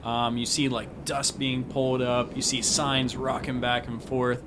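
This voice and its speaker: A man's voice: mid-range voice, flat delivery, unhurried, background noise. Rambling young man running a tabletop game. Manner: rambling, many fillers. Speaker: game master.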